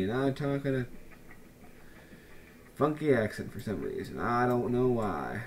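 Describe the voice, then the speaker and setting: A young man chats over his game in an easy, unhurried drawl, teasing the little people on screen with mock-grand asides. His pitch sits in a middle range, and a faint hiss runs under the recording. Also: big pitch swings, darkish tone. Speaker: let's play commentator. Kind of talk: casual gameplay commentary.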